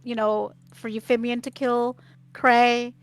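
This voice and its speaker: A woman playing a tabletop game, expressive and quick to laugh. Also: fairly high pitch, clean tone, dry recording. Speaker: player. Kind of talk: casual tabletop play.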